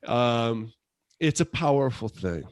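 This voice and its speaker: A man's voice: medium pitch, expressive, slow, no room sound, studio quality. A man in his fifties co-hosting a podcast, telling stories in a rambling, chuckling casual chat. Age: 50s. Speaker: podcast co-host.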